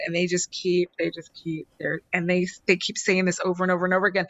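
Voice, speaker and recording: A woman's voice: on the low side, steady tone, quick pace, a bit bright. Woman psychic spinning a dramatic story, does all the voices, a bit muffled. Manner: dramatic, acts out quotes, repeats phrases. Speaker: psychic medium guest. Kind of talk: animated storytelling in conversation.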